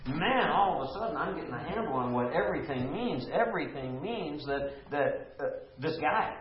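A man with a fairly high, animated voice leads a Bible study for a small group in a room, teaching emphatically at a moderate pace and putting questions to those around him. There's crowd noise, and the lo-fi recording sounds echoey.

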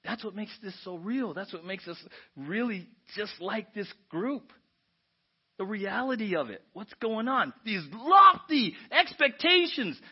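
Animated high-voiced preaching man. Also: unhurried, breathy edge. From United States. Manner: animated preaching, keeps asking the congregation "right?". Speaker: pastor. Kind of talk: sermon. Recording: dull lo-fi church audio.

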